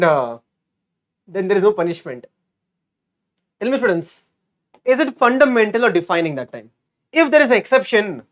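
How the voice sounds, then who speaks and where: A male teacher giving a lively online exam-prep lecture. He repeats key words and keeps quizzing his students. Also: high-pitched. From India.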